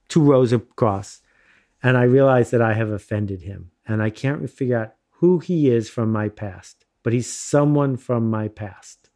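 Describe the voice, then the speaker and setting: A middle-aged man from the United States telling a self-deprecating personal story in a casual, animated way, laughing often. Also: lowish voice. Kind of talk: casual anecdote, conversational storytelling.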